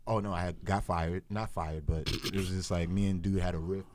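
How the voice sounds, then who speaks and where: A man's voice: deep voice, fairly even intonation, moderate pace, background noise. A man in his forties from Brooklyn, New York, telling a rambling story on a podcast and acting out the voices of people he quotes. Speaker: podcast cast member. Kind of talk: casual storytelling chat.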